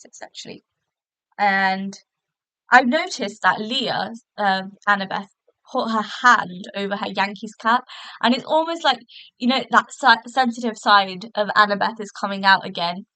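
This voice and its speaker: A woman's voice: medium pitch, sharp tone, no room sound, poor audio. A woman hosting a podcast, chatting casually through a review with lots of fillers and restarts, recorded in a hotel room. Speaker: podcast host.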